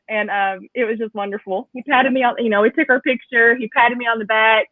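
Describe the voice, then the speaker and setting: A woman's voice: fairly high pitch, fairly even intonation, fast, hardly any pauses, no room sound. A woman guest chatting in a casual interview, enthusiastic and talkative, laughing often, speaking over a video call. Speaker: guest collector. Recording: tinny phone-like call audio, dry.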